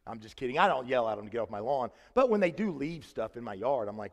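A man's voice: mid-range voice, expressive, quick pace, hardly any pauses, big-room sound. A middle-aged man preaching a conversational sermon in a church, chatty and joking, with many restarts. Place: church sanctuary.

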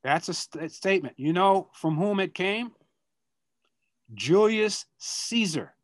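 An older man with a Boston accent speaks over a video call in a fairly high, dry-sounding voice. He talks in a reflective, halting way and often repeats words while he searches for the next one. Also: no room sound. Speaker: guest speaker. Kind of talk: answering students' questions over a video call.

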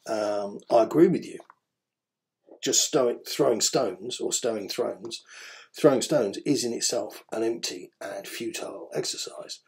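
A gravelly-voiced man talks through his daily podcast at a middling pitch. He rambles, hesitates over frequent ums, and keeps a dry, wry tone. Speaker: podcast host. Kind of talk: casual spoken commentary.

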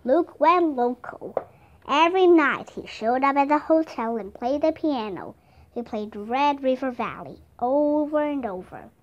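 A woman's voice: sits high, lo-fi sound. A woman reading a friendly cowboy in a children's storybook with an easygoing, storytelling manner. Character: gruff friendly adult cowboy man.

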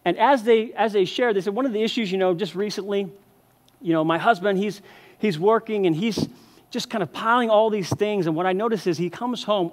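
A male senior pastor delivers a sermon in an earnest, conversational way, often doubling the first word of a phrase. His voice sits fairly high for a man. A long reverb trails his words through the church hall. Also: darkish tone. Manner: earnest, repeats words when starting phrases. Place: church sanctuary.

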